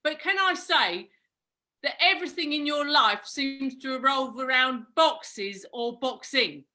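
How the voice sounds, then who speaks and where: A woman's voice: sits high, animated, a little slow, bright, forceful tone, heavily acted. A woman voicing a blind male boxing coach, improvising comedy over a video call and barking boxing patter. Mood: brash. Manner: barks boxing patter and count-downs, calls everyone mate. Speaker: improv performer.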